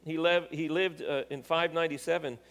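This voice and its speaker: A man with a somewhat high voice preaches a sermon, reading scripture aloud with rising emphasis. He stops to correct himself now and then. His voice carries a long reverb from a large hall. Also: fairly even intonation, a little fast, vocal fry, a bit bright.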